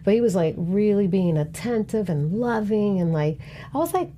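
A woman co-hosting a casual TV recap chat, animated and acting out what characters said. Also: medium pitch, moderate pace, a little hiss or hum. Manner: animated, acts out quotes. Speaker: podcast co-host.

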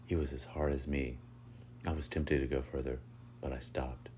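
Man with an extremely deep voice. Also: slight background noise. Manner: steady, unhurried first-person reading. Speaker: narrator. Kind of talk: reading a story aloud.

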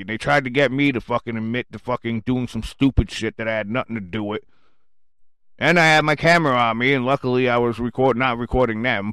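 A man hosting his own radio show, delivering an angry, sarcastic rant full of cursing, swinging between low muttering and loud outbursts. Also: clear, resonant tone, no room sound. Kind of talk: profane rant.

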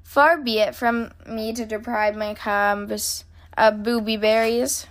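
A woman reading as a storybook father bear, patient and dryly bemused by his cubs' latest craze. the delivery stays calm and even, close to a plain reading voice. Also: a little high, takes it slowly. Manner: calm, dry, bewildered.

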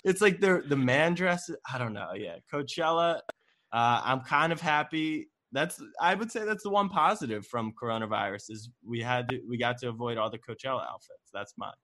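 An animated man hosts a casual podcast chat and laughs easily. His voice has a bright, forceful edge. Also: mid-range voice, moderate pace. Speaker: podcast host.

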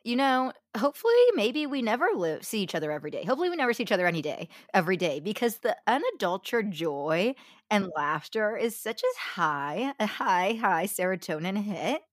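A young woman co-hosting a podcast, animated and jokey in casual chat. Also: mid-range voice. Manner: animated, fast-talking, jokey. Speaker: podcast co-host.

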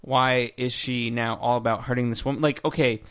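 A man talking things over on a casual TV recap panel, starting and restarting his sentences as he works out a point. His pitch sits in the middle for a man. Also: level tone, moderate pace, a bit bright, clean tone. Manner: thoughtful, hesitant restarts. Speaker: show panelist.

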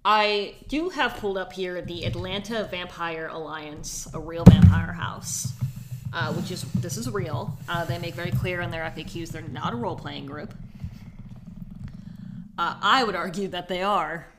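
A woman's voice: on the low side, moderate pace, heavy background noise. A young woman co-hosting a casual podcast chat, laughing often and reading out quotes in put-on accents. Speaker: podcast co-host.

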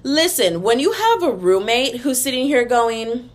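Here the young podcast host's pitch is fairly high and animated, her pace a little slow with few pauses. Alone at home in front of a wall, she gossips casually into her computer's built-in mic and calls listeners y'all.

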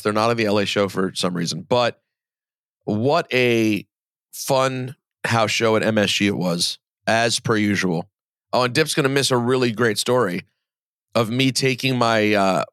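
A man hosting a podcast in casual chat, talking in quick asides. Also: medium pitch, a bit bright, no room sound, studio quality. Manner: chatty, quick asides, quotes others in mock voices. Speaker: podcast host.

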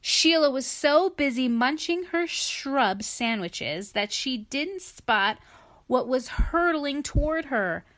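A woman reading a picture book aloud to a child, gentle and playful, stopping for chatty asides. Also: sits high, lively intonation, takes it slowly. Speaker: reader to a child.

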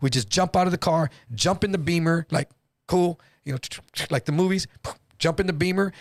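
A man telling a story in a loose, profane, casual way, jumping into higher voices when quoting people. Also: normal speed, dry recording, clean studio sound. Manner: animated, acts out quotes in higher voice. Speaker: guest storyteller.

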